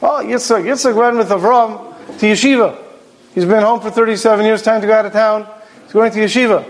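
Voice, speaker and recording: Man voicing an elderly biblical mother, chatty, trusting, slightly raised pitch. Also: steady tone, fairly quick. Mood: unsuspecting.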